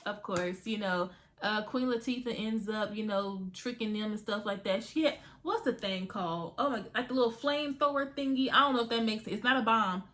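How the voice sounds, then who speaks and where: A woman giving a casual spoken movie review to her viewers, retelling scenes in an animated way with frequent asides. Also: medium pitch, fairly quick.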